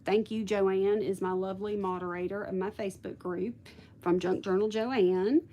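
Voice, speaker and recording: A woman's voice: medium pitch, fairly even intonation, moderate pace, warm tone, muffled recording. Chatty woman hosting a craft stream. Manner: chatty, thanks viewers, thinks aloud. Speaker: craft video host. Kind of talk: casual livestream chat with viewers.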